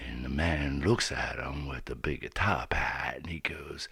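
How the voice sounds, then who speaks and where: A man's voice: very deep voice, steady tone, gravelly, sharp tone, husky, dry recording. A man telling a story in a loose, slangy, casual way into a close studio mic. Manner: loose and slangy, drawn-out delivery. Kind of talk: casual spoken-word storytelling. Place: recording studio.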